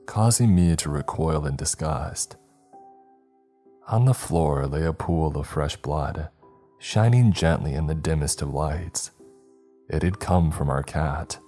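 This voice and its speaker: A man reading a scripted horror story as narrator in a measured, somber way. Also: extremely low pitch, darkish tone.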